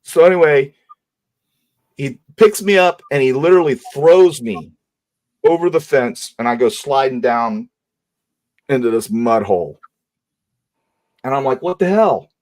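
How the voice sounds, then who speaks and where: A man hosting a panel livestream, telling a story in a casual way and acting out the shouted lines of others in a raised voice. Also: medium pitch, unhurried, pauses often, dry recording. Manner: animated, acts out shouted quotes in a raised voice. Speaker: host.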